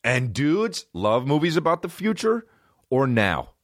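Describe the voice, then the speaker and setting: A man's voice: mid-range voice, a little slow, dry recording, clean studio sound. A man hosting a podcast, ranting in a profane, rambling, comedic monologue. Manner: profane, rambling, animated rants. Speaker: podcast host.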